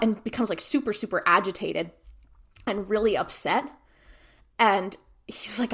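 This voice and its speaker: Here a woman's mid-range voice moves at a moderate pace while she co-hosts a podcast. Her episode recap is casual and lively, full of "like", and she acts out the characters' lines as she goes.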